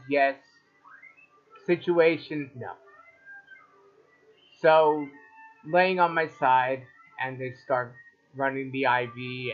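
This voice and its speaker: A man doing stand-up, telling wry stories about doctor visits and voicing the people in them. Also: a little high. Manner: wry, deadpan storytelling with acted-out quotes. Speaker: stand-up comedian. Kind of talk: stand-up storytelling. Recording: tinny phone-like live video with faint music.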